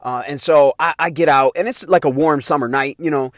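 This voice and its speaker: A man's voice: a little high, fairly quick, dry recording, studio quality. A middle-aged man hosting his own show, telling a personal story in casual, profane slang. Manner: profane, animated, slangy street talk. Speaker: podcast host telling a story.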